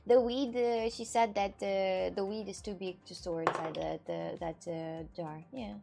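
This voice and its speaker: A woman's voice: medium pitch, fairly even intonation, unhurried, gravelly, over loud music. A woman from Russia with a Russian accent, rambling chattily in loose non-native English on a casual livestream with viewers. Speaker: streamer.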